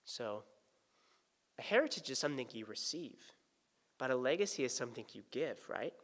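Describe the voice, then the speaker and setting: A male pastor preaching a sermon, swinging from hushed, tender asides to loud, pleading emphasis. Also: medium pitch, big pitch swings, normal speed. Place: church sanctuary. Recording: church sanctuary with long reverb.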